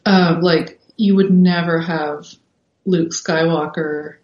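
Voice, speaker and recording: A woman's voice: on the low side, steady tone, slow. A woman talking through ideas in casual conversation as a guest, thinking aloud with many fillers. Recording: roomy, dull lo-fi sound.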